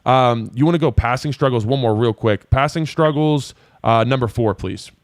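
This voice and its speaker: A young adult man hosting a live call-in show, breaking down football film in a casual, animated way. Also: mid-range voice, moderate pace, dry recording, clean studio sound. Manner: casual, animated, voices players' thoughts. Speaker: host.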